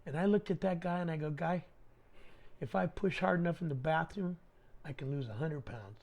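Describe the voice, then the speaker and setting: Brief: middle-aged male guest, animated storyteller, slangy, slightly high voice. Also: moderate pace, vocal fry, slight background noise. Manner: animated, slangy, acts out dialogue. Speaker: podcast guest. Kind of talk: casual storytelling.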